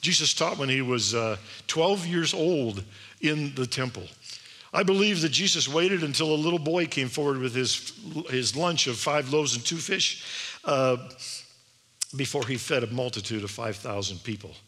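A man's voice: mid-range voice, moderate pace, bright, forceful tone. A man giving an emphatic sermon-style address to an audience in a large hall, asking many rhetorical questions. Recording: long hall reverb.

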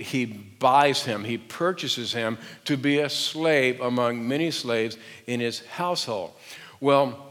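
Animated storytelling preacher in a hall. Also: male voice, medium pitch. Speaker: pastor. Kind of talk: sermon.

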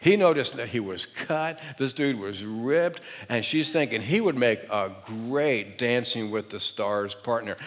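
A male pastor preaching a sermon, retelling a story with animated, humorous storytelling and direct questions to the congregation. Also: medium pitch, measured pace, few pauses, long reverb tail.

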